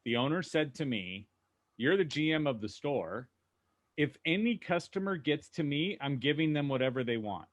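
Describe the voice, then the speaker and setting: Animated man telling dealership stories. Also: on the high side, normal speed, lo-fi sound. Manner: animated storyteller, acts out quoted voices. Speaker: panelist, dealership manager. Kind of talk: casual panel discussion.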